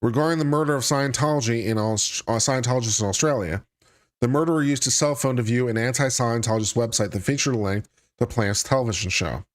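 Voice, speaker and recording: A man's voice: mid-range voice, fast talker. A man hosting a live stream, reading a court filing aloud and breaking off into dry, sarcastic commentary. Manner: reads legal text aloud then breaks off into sarcastic asides. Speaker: legal commentary host.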